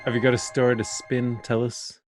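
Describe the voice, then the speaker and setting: A man's voice: medium pitch, flat delivery, a little fast, music in the background. A man hosting a podcast in casual chat, playfully prodding his guests for stories. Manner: playful, prodding, laughs along. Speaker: podcast host.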